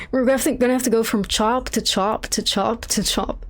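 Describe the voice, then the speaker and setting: A woman's voice: fairly high pitch, steady tone, normal speed. A young woman streaming a game, commenting casually as she rambles, swears and laughs.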